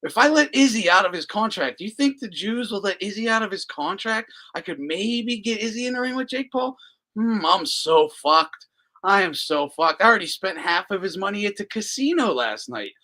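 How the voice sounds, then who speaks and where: Brief: fretful scheming promoter muttering low and quick, as a man puts him on. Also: expressive. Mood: panicked. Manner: anxious muttering, hushed. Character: nervous scheming middle-aged male promoter.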